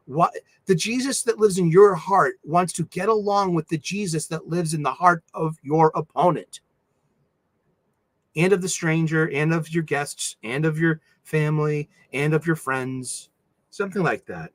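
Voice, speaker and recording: A man chatting casually on a livestream, rambling and animated, often breaking into laughs. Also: a little high, unhurried, no room sound. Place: home studio.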